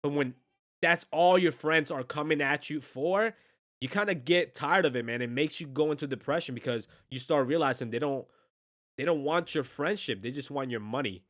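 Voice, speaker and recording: A man's voice: a little high, normal speed, fairly bright tone. Earnest, slangy man reacting to a song. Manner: slangy, earnest, keeps saying "bro" and "man"; heartfelt, emotionally moved. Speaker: reaction video host. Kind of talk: casual reaction commentary.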